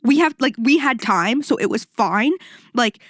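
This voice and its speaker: Woman podcaster ranting about her day, swears a lot, kinda high voice, super dry close mic. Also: no room sound. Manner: animated, profane, rambling with quick asides. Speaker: podcast host and fitness instructor. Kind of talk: casual solo storytelling.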